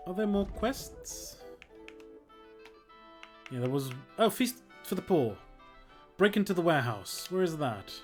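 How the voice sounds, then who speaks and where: A man casually commenting as he plays a video game, joking, laughing and talking to himself. His voice sits a touch high for a man. Soft game music plays faintly under him. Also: sing-song, a little slow, long pauses. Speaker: historian streaming a game.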